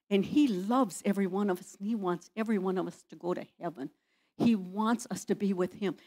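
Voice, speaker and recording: A woman's voice: medium pitch, darkish tone. A woman pastor preaching in a church, firing rhetorical questions at the congregation. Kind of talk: sermon.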